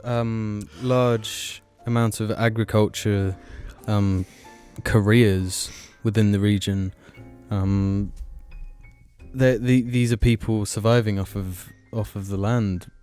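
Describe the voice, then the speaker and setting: A man's voice: lowish voice, steady tone, slow pace, darkish tone, smooth, faint music behind. A man co-hosting a comedy podcast, rambling in a mock-serious way with many fillers. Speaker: podcast co-host. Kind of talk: casual comedy podcast chat.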